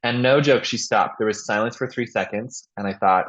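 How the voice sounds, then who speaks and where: A man with a lowish voice hosts a casual podcast and tells long stories. He acts out the people in them with bright, animated bursts. The sound is dull and lo-fi. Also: moderate pace. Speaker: podcast host.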